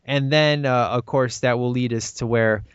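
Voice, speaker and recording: A man co-hosting a casual movie podcast, animated and laughing often as he acts out quotes. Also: medium pitch, moderate pace, clean tone, no echo. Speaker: podcast co-host. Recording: dry, dull lo-fi sound.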